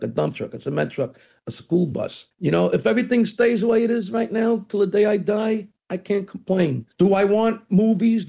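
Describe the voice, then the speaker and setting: A man's voice: high voice, vocal fry, husky. A middle-aged comedian from Brooklyn with a New York accent, chatting in an interview and acting out the voices in his stories. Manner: animated storyteller, acts out quoted voices. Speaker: comedian guest. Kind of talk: casual interview chat.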